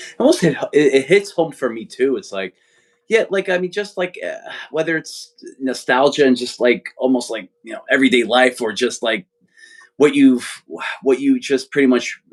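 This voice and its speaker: A man co-hosting a podcast, reacting with rambling enthusiasm to stories. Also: medium pitch. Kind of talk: casual chat.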